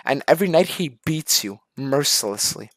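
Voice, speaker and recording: A man's voice: mid-range voice, expressive, normal speed, fairly bright tone, dry recording. A male streamer telling an absurd story in a casual, profane rant.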